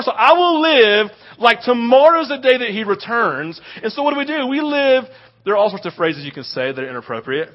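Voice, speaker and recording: A man preaching a sermon as a pastor, animated and acting out little scenes in quoted voices. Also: high voice. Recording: dull lo-fi audio.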